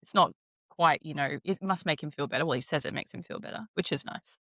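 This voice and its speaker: A woman's voice: low voice, fast talker, pushed and bright, no echo, studio quality. A young woman co-hosting a podcast, sighing dreamily and affectionately over a TV episode. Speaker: podcast co-host. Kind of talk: casual chat recapping a TV episode.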